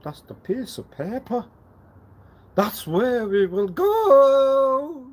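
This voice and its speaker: A man rambling on a live stream, repeating himself and swinging suddenly between loud and quiet. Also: extremely high pitch, sing-song, drawn-out words. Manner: erratic, repetitive, with sudden swings in loudness. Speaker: livestreamer.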